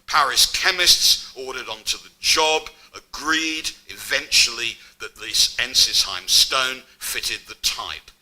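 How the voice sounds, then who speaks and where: A man's voice: medium pitch, slow pace, few pauses, pushed and bright, poor audio. A middle-aged man giving an academic public lecture, mixing scholarly narration with wry asides.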